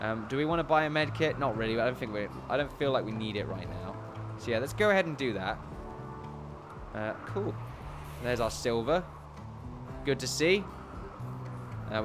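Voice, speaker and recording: British man chatting over game music. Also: mid-range voice. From Britain. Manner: chatty, musing aloud, quick bursts of excitement and laughter. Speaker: gaming YouTuber. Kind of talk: casual gameplay commentary.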